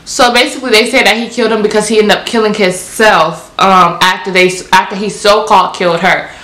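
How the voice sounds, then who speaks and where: A young woman, casually reviewing books in an animated, repetitive way. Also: medium pitch, fairly quick, echoey room. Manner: animated, repeats herself, lots of "like". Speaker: book reviewer. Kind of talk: casual book review vlog.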